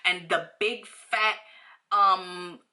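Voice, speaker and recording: A young woman from New York tells a story in a bright, crisp voice. She rambles casually, packing in fillers and slang, and circles back to correct herself. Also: on the low side, steady tone, drawn-out words. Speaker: vlogger.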